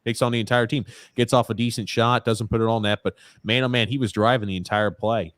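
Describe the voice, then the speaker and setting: A man co-hosting a live hockey watchalong podcast, excitably reacting to plays and reading out viewer comments. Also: medium pitch, fast talker, no room sound. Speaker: podcast co-host.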